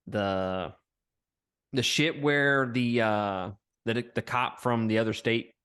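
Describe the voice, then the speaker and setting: A man's voice: mid-range voice, slow pace, fairly bright tone, clear, resonant tone. A man co-hosting a podcast, chatting bluntly about a film and laughing often. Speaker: podcast co-host. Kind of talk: casual movie review chat.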